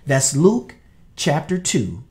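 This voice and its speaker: A middle-aged male pastor delivers his sermon at an unhurried pace. His voice sounds mellow and relaxed. He tells a personal story earnestly and sometimes repeats words as he searches for the next phrase. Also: fairly high pitch. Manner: slow, earnest storytelling with repetitions.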